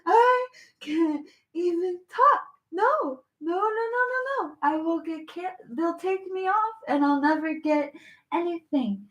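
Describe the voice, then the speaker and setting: A woman vlogger in an emotional direct-to-camera monologue, talking straight to an absent person, halting and repeating herself. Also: extremely high pitch, animated, reverberant.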